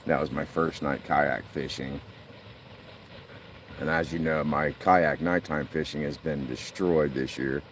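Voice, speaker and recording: A man's voice: rumbling low, steady tone, unhurried, recorded from a distance, a little hiss or hum. A middle-aged man chatting on a phone livestream by a lake, rambling and laughing as he tells stories. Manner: laughs a lot, rambling storyteller. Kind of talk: casual live-stream chat. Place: outdoors by a lake.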